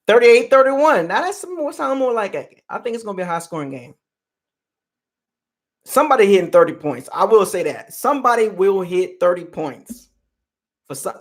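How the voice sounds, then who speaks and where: A man hosting a football fan channel, chatting casually on a live stream and teasing fans in the chat. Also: a little high. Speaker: sports channel host.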